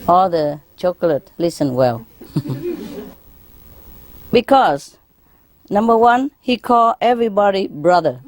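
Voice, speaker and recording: A woman's voice: on the low side, very animated, takes it slowly, pauses often, a crowd in the background. A woman telling jokes in a lecture, often chuckling and asking the audience questions. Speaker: spiritual teacher lecturing an audience. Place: lecture hall in Paris.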